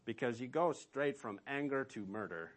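A man's voice: medium pitch, expressive, normal speed. Man preaching with emphatic questions. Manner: emphatic, asks the listeners rhetorical questions. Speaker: pastor. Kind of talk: sermon.

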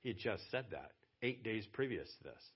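A man's voice: lowish voice, big pitch swings, brisk, breathy edge. A man preaching a sermon as pastor, talking conversationally and then pressing hard on key words for emphasis. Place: church. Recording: dull lo-fi church sermon audio.

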